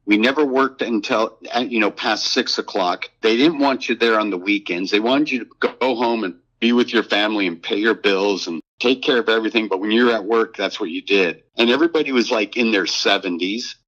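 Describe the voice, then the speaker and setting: A man with a lowish voice tells stories from his years as an animator, animated and chatty. He often restarts and repeats words as the thoughts come. The sound is dull and lo-fi. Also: brisk, hardly any pauses. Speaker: animator guest. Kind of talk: casual interview chat.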